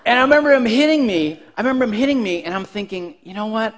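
A male pastor with a high-pitched voice tells a story from the pulpit. His delivery is animated and self-mocking, and he often laughs as he talks. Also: fast. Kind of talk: storytelling sermon.

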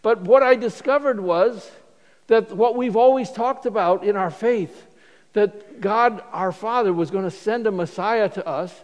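Male pastor, high voice, casual restart-prone sermon delivery, long church reverb. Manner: conversational preaching with frequent restarts. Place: church sanctuary.

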